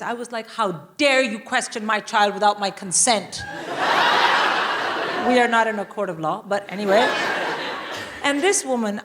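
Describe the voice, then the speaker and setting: A woman from India, a guest comedian, telling a stand-up story on a live stage with animated, swearing asides. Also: medium pitch, very noisy. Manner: animated, swearing, quick asides to a laughing audience. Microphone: stage microphone.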